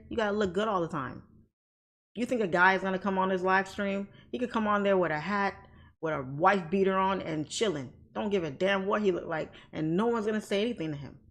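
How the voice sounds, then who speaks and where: A woman hosting a casual livestream off camera, talking bluntly and outspokenly, often breaking into laughter. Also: medium pitch. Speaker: livestream host, trading educator. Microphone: off camera, desk mic.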